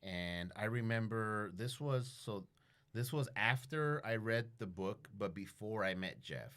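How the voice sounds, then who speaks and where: A man chatting as a podcast guest, telling animated stories full of profanity and acting out everyday conversations. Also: on the low side, unhurried. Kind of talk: casual chat, storytelling.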